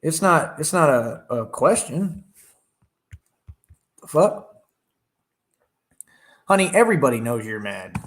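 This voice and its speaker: A man's voice: a little high, sing-song, slow, long pauses, fairly bright tone. A man on a livestream, taunting and boasting at critics in the chat. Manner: talks over his own song playing. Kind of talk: combative livestream rant.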